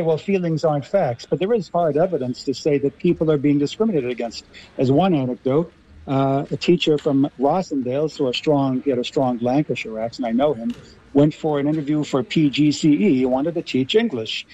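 A man's voice: a little high, dark tone, slightly rough, dull audio. A man with an American accent, explaining articulately as a guest in a radio discussion. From Los Angeles, US. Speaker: guest linguist.

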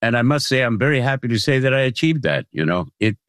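An older man, a playwright, giving reflective, measured interview answers with halting restarts. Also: medium pitch, very animated, fairly bright tone, no echo, studio quality.

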